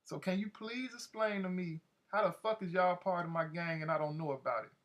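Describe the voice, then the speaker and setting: A man's voice: high voice, a little fast, a bit bright, voice pushed up. A man putting on a raised, cursing gang boss. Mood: menacing, scornful. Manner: aggressive, cursing, scolding. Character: menacing adult male gang leader, swaggering and crude.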